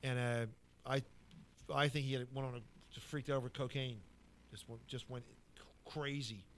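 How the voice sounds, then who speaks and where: A man's voice: mid-range voice, normal speed, slight background noise. A man co-hosting a podcast, casually telling a story and acting out what each person said. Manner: animated anecdote teller who acts out quotes. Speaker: podcast co-host.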